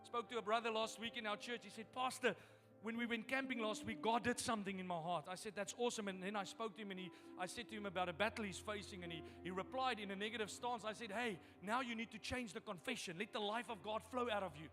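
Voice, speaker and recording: A man's voice: high voice, fast talker, sharp tone, long reverb tail, soft background music. A man preaching a sermon as pastor, repeating phrases for emphasis as his intensity rises. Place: church sanctuary.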